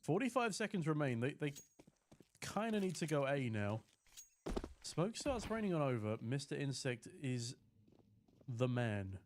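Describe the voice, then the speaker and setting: A man's voice: medium pitch, big pitch swings, measured pace, pauses often. A man casting a live esports match alone, calling the action and chatting with viewers in between. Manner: chatty, eating while casting, reads chat aloud, rises to shouting at big plays. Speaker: esports caster. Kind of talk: solo live esports commentary with chat replies. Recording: streamed with clear background noise.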